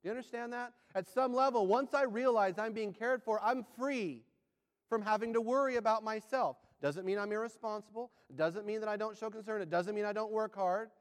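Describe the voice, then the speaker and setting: A man preaching a sermon, firing rhetorical questions and swinging between loud and hushed delivery. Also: sits high, a little fast, clear, resonant tone, big-room sound.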